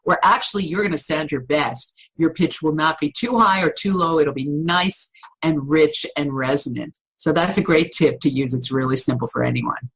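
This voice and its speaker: A middle-aged woman voice coach explaining vocal tips in a podcast interview, with an animated, instructive storytelling manner. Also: sits low, normal speed, slightly rough, low-quality recording.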